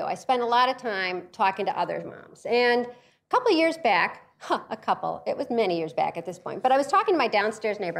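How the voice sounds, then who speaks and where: A woman's voice: on the high side, gravelly. A middle-aged American woman giving a comic talk, telling a story with plenty of laughs and acted-out voices. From United States. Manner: animated, acts out voices, laughs often.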